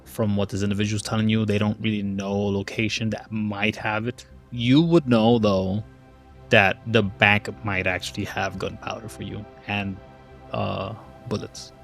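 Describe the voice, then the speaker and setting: A man running a tabletop game, unhurried and thinking aloud, in a low voice. Gentle music plays faintly behind him. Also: level tone, gravelly. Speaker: game master.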